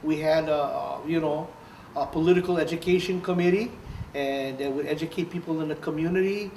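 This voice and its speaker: Recorded off-mic in a roomy space with faint background noise, a former activist in his later years shares stories for an oral history interview. He laughs a lot and performs other people's words. His voice sits on the high side, brisk, with a darkish tone.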